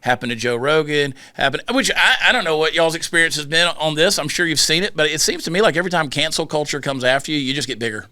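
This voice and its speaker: A middle-aged man from rural Georgia with a Southern accent, telling stories in a quick, animated way as a podcast guest. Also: a little high, no echo. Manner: rapid-fire, animated storytelling. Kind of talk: casual podcast conversation.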